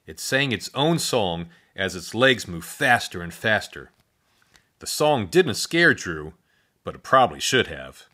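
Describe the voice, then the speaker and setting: A man narrating a children's storybook in an expressive, playful read-aloud style with spoken sound effects. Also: on the low side, unhurried.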